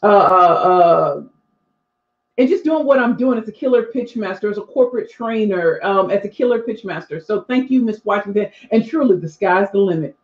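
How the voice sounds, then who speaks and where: In an echoey room with dull, lo-fi audio, a woman in her forties who works as a speaking coach reads viewer comments on a live stream and talks straight to her audience. She speaks at a moderate pace in an expressive, medium-pitched voice.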